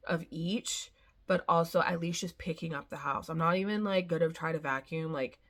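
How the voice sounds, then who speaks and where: Weary, chatty young mom vlogger. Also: female voice, low-pitched, a bit bright. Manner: rambling, frank, slightly weary. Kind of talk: casual chat.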